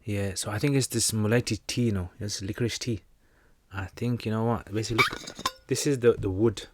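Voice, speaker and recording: Speaking briskly in a fairly low voice, this man runs a laid-back livestream Q&A where he reads viewer comments and jokes around while answering religious questions. Slight background noise is audible.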